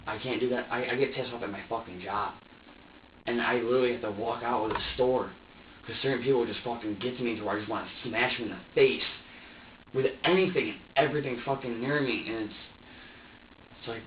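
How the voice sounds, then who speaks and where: A slight hiss or hum runs under this dull, distant, roomy lo-fi security footage of an interrogation room, picked up by a far-off camera mic. The speaker is a young man being questioned by police as a suspect, his mid-range voice a little fast as he pours out a profane, agitated statement full of stammered repeats.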